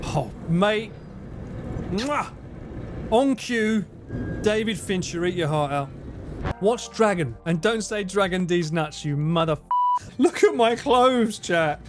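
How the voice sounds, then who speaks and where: A man chats with his stream while he plays, cracking jokes and swearing freely. His voice sits high for a man and leaps around. Loud game music plays behind him. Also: lively intonation, slow pace, pauses often. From United Kingdom. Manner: playful, joking, swears, laughs often. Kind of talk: live game stream chat.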